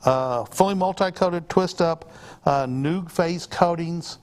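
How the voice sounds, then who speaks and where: A man's voice: on the high side, takes it slowly. A man hosting an outdoor gear show, chatting casually about binoculars and correcting himself as he goes. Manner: rambling, self-correcting, teasing. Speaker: show host. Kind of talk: casual on-air product chat.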